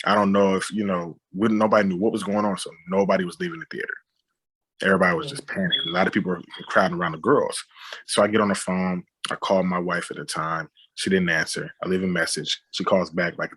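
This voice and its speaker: A man's voice: deep voice, sharp tone, slightly rough. A man, a film director, telling a personal story on a podcast, acting out sound effects and often saying "you know what I'm saying".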